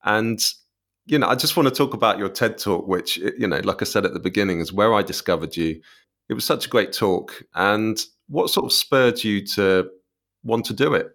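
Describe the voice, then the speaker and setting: A man hosting a podcast, asking questions in a relaxed way with hesitant restarts. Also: lowish voice, normal speed. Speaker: podcast host. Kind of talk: casual interview.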